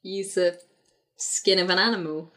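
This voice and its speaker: A woman's voice: fairly low pitch, steady tone, unhurried, fairly bright tone, rough recording. A woman chatting casually with friends, teasing and offering suggestions. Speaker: listener in a group chat. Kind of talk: casual chat among friends.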